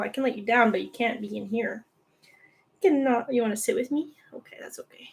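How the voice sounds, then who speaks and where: Young woman, livestream host, casual and giggly, slightly high voice, coos at her pet. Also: a little fast, gravelly. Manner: chatty, giggly, coos baby talk at her cat.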